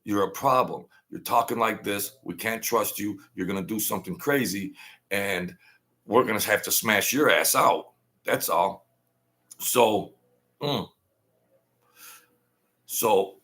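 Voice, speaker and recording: A man telling stories in a rambling, animated way, often repeating himself and acting out quoted voices. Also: lowish voice, slow pace, pauses often. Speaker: host telling stories from mob life. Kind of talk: casual storytelling monologue. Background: lawnmower outside.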